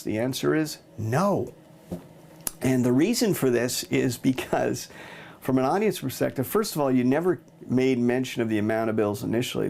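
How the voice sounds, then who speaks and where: A man teaching a money-change magic trick, explaining step by step in a relaxed way and punctuating moves with "boom.". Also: vocal fry, slight background noise. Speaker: magic instructor. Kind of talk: demonstrating and explaining a card trick.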